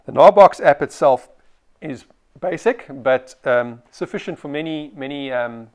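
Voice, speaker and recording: A man's voice: on the high side, animated, unhurried, darkish tone. Casual man reviewing photo gear. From South Africa. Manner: conversational, frequent ums and restarts. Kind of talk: casual product review talk.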